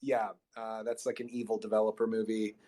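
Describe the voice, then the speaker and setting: A man's voice: on the low side, level tone, fairly quick, a loud crowd. A man co-hosting a podcast, casually retelling a movie plot with lots of ums and loose, rambling asides. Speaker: podcast co-host. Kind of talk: casual movie recap chat.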